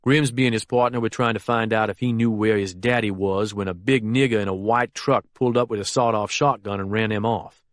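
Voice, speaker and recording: A man reading as a rough male henchman who reports bluntly and matter-of-factly in an audiobook. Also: on the low side, fairly even intonation, brisk, hardly any pauses, no room sound, lightly acted. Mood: reporting.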